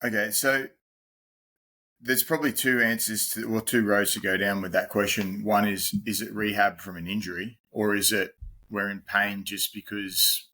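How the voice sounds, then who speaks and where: A man in his forties with an Australian accent talks as a podcast guest, explaining things plainly and laughing easily. His voice sits low. His tone is bright and forceful. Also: little pitch movement, normal speed. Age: 40s. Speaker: guest, pain-reduction specialist. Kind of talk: casual podcast conversation.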